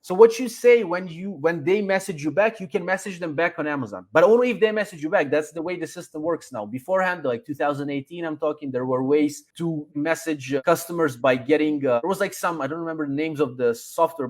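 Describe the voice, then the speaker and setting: A man with a notably high voice talks through his advice in a loose, conversational way. He is animated and acts out example messages as he goes. He often stumbles into restarts mid-sentence. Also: brisk, hardly any pauses. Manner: animated, acts out sample customer emails; frequent restarts and hesitations. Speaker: podcast guest, online seller coach. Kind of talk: casual webinar explanation.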